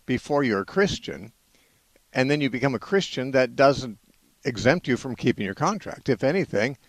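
A man's voice: mid-range voice, animated, fairly quick, dry recording. A man hosting a call-in radio show, talking in a rambling, hesitant way with many fillers. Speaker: radio host.

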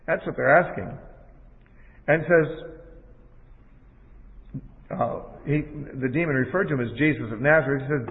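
A man teaching from the Bible in a measured, explanatory sermon style. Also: a little high. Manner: measured, explanatory, with quoted lines read aloud. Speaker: preacher. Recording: tinny phone-like audio in a large hall.

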